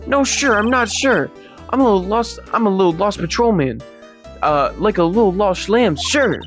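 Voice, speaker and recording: A man playing a jittery, clumsy young patrol officer in a video game, eager but lost. His lines bounce in a lively, raised voice over faint game music. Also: sits high, moderate pace, voice pushed up. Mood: flustered. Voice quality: flustered, ends lines with "sure". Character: nervous, bumbling young male patrolman.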